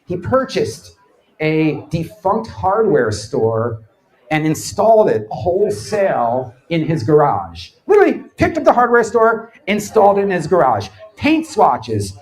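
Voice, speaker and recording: A man's voice: sits high, unhurried, rough recording. A man giving a comic live lecture to an audience, telling stories and mimicking the people in them. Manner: animated storyteller, mimics others' voices. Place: bar event space before a live audience.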